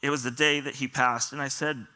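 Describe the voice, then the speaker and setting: A man's voice: medium pitch, steady tone, brisk, sharp tone. A man pastor giving a sermon, telling stories earnestly and often quoting other people. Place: church auditorium.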